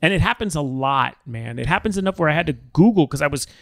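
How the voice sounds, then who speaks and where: A man's voice: a little high, expressive, quick pace, fairly bright tone, no echo, clean studio sound. A man co-hosting a podcast, chatting casually and rambling with self-doubting restarts. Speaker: podcast co-host. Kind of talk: casual chat.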